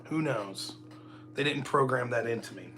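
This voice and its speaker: Middle-aged male streamer, casual self-mocking chatter, bright voice, faint music under. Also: mid-range voice, moderate pace. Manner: joking, rambling, self-mocking. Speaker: livestream host. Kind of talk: casual solo livestream chat.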